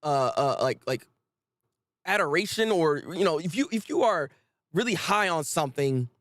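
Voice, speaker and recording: A man hosting a live manga reaction, excitable and quick to laugh. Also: a little high, no room sound, clean studio sound. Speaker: host.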